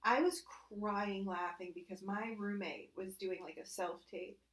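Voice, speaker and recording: A woman comedian, a guest on a podcast, telling stories in casual chat with animated delivery. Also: medium pitch, unhurried, poor audio. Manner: animated storytelling, laughing.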